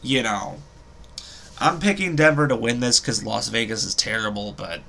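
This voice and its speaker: A man's voice: lowish voice, moderate pace, gravelly, sharp tone. A young man giving casual football predictions as a show host, rambling and hesitant with frequent ums and self-corrections. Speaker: sports podcast host.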